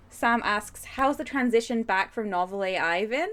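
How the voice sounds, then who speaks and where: A woman's voice: mid-range voice, animated, normal speed, hardly any pauses, fairly bright tone, soft background music. A woman from the UK streaming live, chatting casually and reading comments aloud in a self-deprecating, giggly way. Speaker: streamer co-writing a story with AI.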